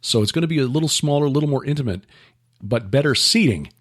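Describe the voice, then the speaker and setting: A man's voice: medium pitch, expressive, fast, fairly bright tone. A man hosting a podcast, chatting casually about upcoming events with many fillers and restarts. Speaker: podcast host. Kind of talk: casual chat.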